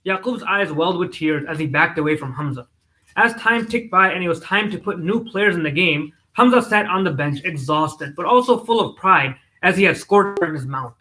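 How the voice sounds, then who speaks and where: Bright-voiced man reading a children's story. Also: high voice, moderate pace. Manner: animated, giggly at times.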